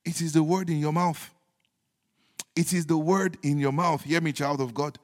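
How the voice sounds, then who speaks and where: A man preaching a sermon as pastor, repeating his points emphatically and moving between loud declarations and hushed, joking asides. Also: on the high side, fairly even intonation, normal speed. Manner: humorous asides with chuckles. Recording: long hall reverb.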